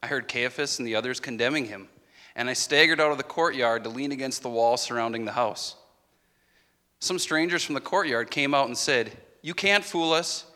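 A man's voice: medium pitch, fairly quick, pushed and bright. A man delivering a dramatic first-person monologue as a disciple, anguished and confessional. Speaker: actor in a Passion monologue. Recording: reverberant hall.

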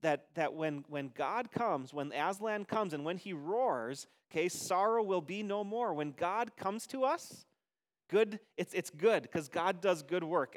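A man leading a children's message during a church service, talking gently and playfully with many restarts. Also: high-pitched, long reverb tail. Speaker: pastor. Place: church sanctuary.

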